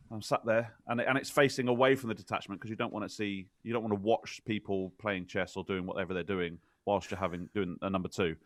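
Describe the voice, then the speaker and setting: Low-voiced man in dry sound. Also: dry recording. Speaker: podcast co-host, former soldier. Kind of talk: casual storytelling chat.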